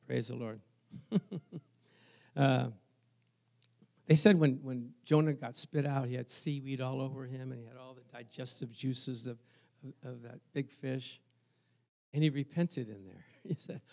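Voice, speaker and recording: A man with a somewhat high voice preaches to his congregation in a relaxed, conversational way. He asks for amens and moves between quiet asides and sudden loud cries. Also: normal speed. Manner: swings from soft asides to loud exclamations. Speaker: pastor. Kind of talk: sermon.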